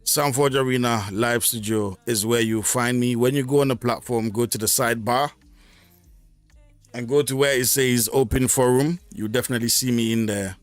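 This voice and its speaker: Guy rambling on his live stream, mid-pitched voice, dry close mic, soft music underneath. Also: fairly even intonation, moderate pace, no room sound. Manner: rambling, many fillers and restarts. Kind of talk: casual solo live stream talk.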